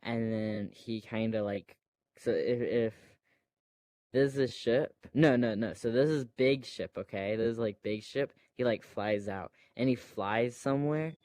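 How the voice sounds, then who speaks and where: Slow, rambling male storyteller. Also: medium pitch, darkish tone, dry recording. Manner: hesitant, meandering, many fillers and restarts; breaks off to make playful sound effects. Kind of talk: casual rambling movie retelling.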